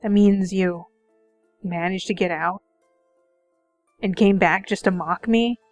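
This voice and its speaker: Visual novel read-aloud: woman voicing a bitter, resentful young man in a loop, mid-pitched, faint music behind. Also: takes it slowly. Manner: bitter, resentful, low-key.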